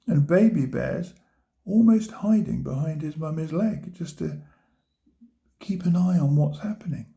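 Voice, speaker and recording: A man reads a children's picture book aloud at a very unhurried pace, stopping to point out the pictures. His voice is gravelly and mellow, sitting a touch high for a man. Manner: gentle, pointing out pictures to listeners. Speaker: storybook reader.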